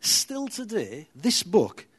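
A man's voice: high voice, wildly swooping pitch, slow pace, a bit bright, breathy edge. A man from Middlesbrough with a Teesside accent giving an informal sermon in a chatty, self-deprecating way, full of humorous anecdotes. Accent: Teesside English. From Middlesbrough, England. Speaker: church speaker.

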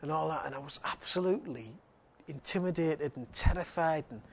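A man's voice: a little high, brisk. A man, preaching a sermon and telling a personal story with laughter and frequent restarts. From Northeast England.

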